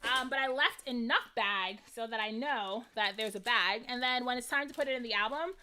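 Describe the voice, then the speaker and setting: A woman's voice: fairly high pitch, normal speed. A woman hosting a live crafting stream, chatting casually and animatedly to her viewers. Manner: chatty and animated, many fillers. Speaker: craft livestream host.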